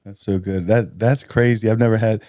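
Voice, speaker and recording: A man hosting a podcast who responds to his guest in a relaxed, affirming, reflective way. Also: on the low side, normal speed, no echo, studio quality. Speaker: podcast host. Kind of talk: casual chat.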